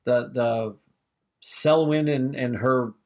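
A man co-hosting a casual film podcast, animated and quick to laugh, often acting out what others said. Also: medium pitch. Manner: animated, laughs and acts out quoted voices. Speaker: podcast co-host reviewing films. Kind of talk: casual chat.

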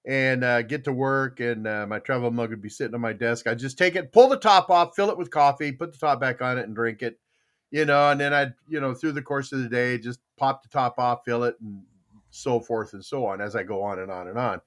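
An older man hosts a laid-back podcast, talking with a live chatroom and spinning long, meandering stories packed with fillers, restarts and frequent chuckles. His voice sits in the mid-range, fairly quick and fairly bright.

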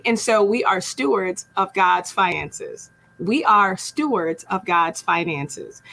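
Woman host talking money and faith, casual and chatty, keeps asking right?, mid pitch. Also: a bit bright. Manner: conversational, with frequent tag questions and slang. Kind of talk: faith-based personal finance teaching.

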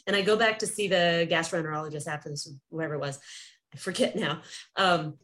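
A woman hosting a podcast, telling a personal story in casual conversation and acting out the people she quotes. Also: a little fast. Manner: animated, acts out quoted people with big pitch jumps and laughs.

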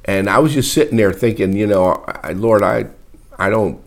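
A middle-aged man, a pastor, preaching an emotional sermon in a halting, repetitive way, close to tears. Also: on the low side. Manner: emotional, wears heart on sleeve; halting, repeats words often. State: tearful. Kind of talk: livestreamed sermon.

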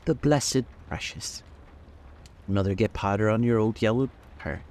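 A man's voice: on the low side, unhurried, darkish tone. A man voicing a languid, doting young society woman, reading her lines in a sweetly affected, crooning manner for an audiobook.

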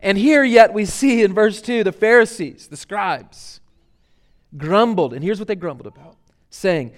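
Man pastor, high voice, chatty sermon, lots of uh and restarts. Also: expressive, moderate pace. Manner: conversational preaching with many fillers and restarts.

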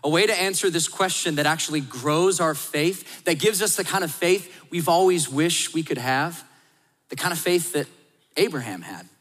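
A man in his thirties delivers a sermon with animated storytelling, slipping into acted-out voices. His voice sits high and sounds bright and forceful. It carries the long reverb of a large hall. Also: moderate pace. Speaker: pastor.

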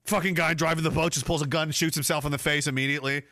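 A podcast host reads chat while delivering a comic, profane rant, often slipping into silly, mocking put-on voices. His voice is a little high with fairly even intonation, racing, pushed and bright, in clean studio sound with no room sound.

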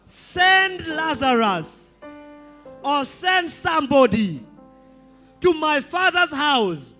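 A Kenyan preacher acting out a desperate rich man pleading from torment, shouting in English and Swahili slang. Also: very high-pitched, animated, a little slow, faint music behind, voice pushed up, heavily acted.

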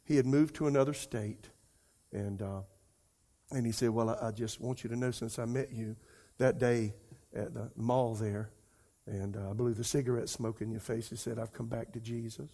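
Pastor preaching with emotion. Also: male voice, medium pitch, fairly even intonation, moderate pace, dark tone. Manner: emotional storytelling, rising to near-crying pleas; conversational, repeats words, addresses congregation as y'all. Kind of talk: sermon.

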